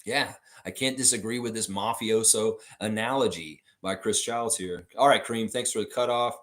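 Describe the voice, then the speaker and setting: A man hosting a live sports fan stream, chatting casually as he reads viewer comments, animated and swearing freely. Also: moderate pace. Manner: animated, swings high when mocking others, swears freely.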